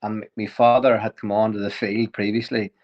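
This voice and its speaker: Man telling a story, low voice. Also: a little fast, dull audio. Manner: lively anecdotal, chuckles often, frequent restarts. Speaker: podcast guest. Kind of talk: casual storytelling.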